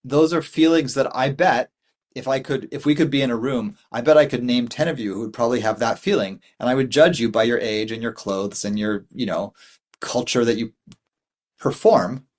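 A man's voice: mid-range voice, moderate pace, darkish tone. A man in his forties giving a dharma talk as a Buddhist meditation teacher, rambling and thoughtful, with many fillers and restarts.

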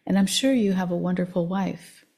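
A woman voicing a tiny, cheerful old man in his seventies who talks in a gentle, delighted, easygoing way. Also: lowish voice, normal speed, gravelly. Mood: chatty.

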